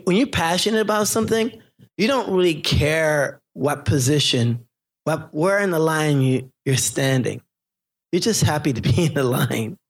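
A middle-aged man, a photographer, telling stories in an interview and acting out the people he quotes, laughing often. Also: mid-range voice. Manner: animated, acts out quoted voices, laughs often. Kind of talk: interview storytelling.

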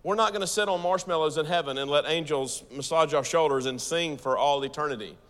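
A man with an American accent preaching a sermon to a church audience, talking fast and lively and turning to the crowd with questions. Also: on the high side, big-room sound. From United States. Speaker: pastor.

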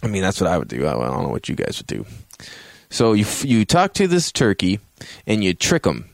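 A man with a fairly low voice recaps a video game in a casual review. He tells the story in a loose, animated way, full of swearing. The sound is dry and close. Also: fairly quick, gravelly, dry recording. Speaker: host.

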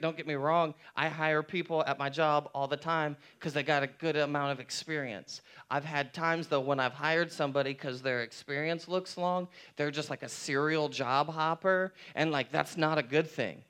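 A male pastor delivering a sermon in an easy, conversational manner, hammering home his points by repeating key phrases. His voice sits slightly higher than most men's and comes through smooth and clear. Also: fairly bright tone.

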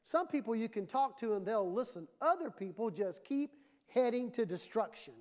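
A woman's voice: on the high side, animated, normal speed, darkish tone. A woman pastor preaching a sermon in a church, emphatic and conversational, often acting out the voices she quotes.

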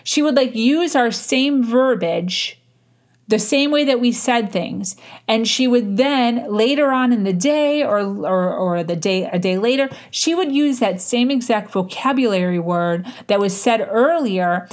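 A woman's voice: a little high, animated, a little slow. A woman giving conversational advice on building rapport, speaking casually with frequent fillers and restarts. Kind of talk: casual instructional talk.

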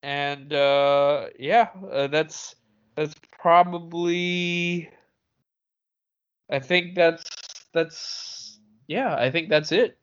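A man co-hosting a podcast in casual chat, halting and full of fillers. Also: fairly high pitch, steady tone, a bit bright, clear, resonant tone, highs cut off. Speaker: podcast co-host.

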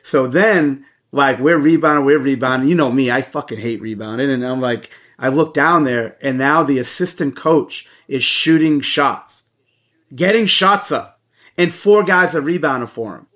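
A man co-hosting a podcast, telling a story in casual chat with heavy swearing and animated energy. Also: mid-range voice, normal speed. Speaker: podcast co-host.

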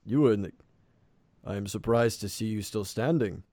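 Old half-elf village elder, grave and wary, mellow low voice, a man doing it. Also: moderate pace, no room sound, studio quality, close to an everyday voice.

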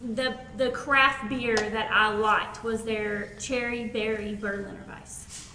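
Female podcast co-host, chatty and quick to laugh; slightly high voice, echoey room with clear background noise. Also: steady tone, bright, forceful tone, recorded from a distance. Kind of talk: casual chat.

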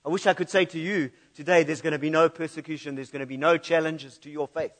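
A man's voice: a little high, steady tone, fast. A man preaching a sermon in a church, reading scripture aloud and laughing at his own slip-ups.

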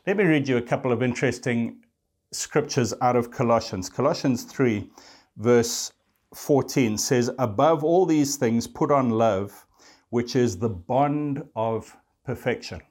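A man delivers a sermon in an earnest, teaching manner. He reads scripture passages aloud and explains them to his listeners, and his voice sits at a middle pitch. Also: a little slow, darkish tone. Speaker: preacher.

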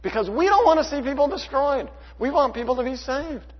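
Emphatic preacher in an echoing church. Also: male voice, extremely high pitch, expressive, fairly quick. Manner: emphatic, rhetorical questions, swings between loud and hushed. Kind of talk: sermon. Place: church sanctuary. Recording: dull hall reverb.

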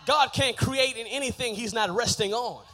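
A middle-aged Texan preacher with a very high, bright, ringing voice delivers a sermon in church. He calls on the congregation to answer him back. He tells stories from his childhood, then builds into loud shouted preaching. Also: normal speed, soft background music. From Texas. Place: church sanctuary.

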